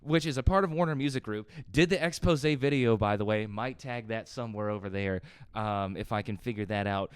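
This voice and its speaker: A man's voice: on the low side, fairly quick, clear, resonant tone, no room sound. A man hosting a reaction video, ranting in heated, profane commentary that rambles from point to point.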